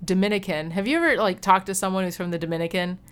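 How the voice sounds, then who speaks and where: A woman's voice: mid-range voice, quick pace, clear, resonant tone. A woman in her thirties co-hosting a casual podcast chat, telling stories bluntly and swearing freely. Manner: blunt, profane storytelling. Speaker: podcast co-host.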